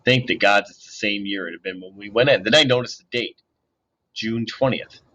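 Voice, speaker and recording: A man reading a novel aloud in an expressive, storytelling manner. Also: lowish voice, normal speed. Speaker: audiobook reader.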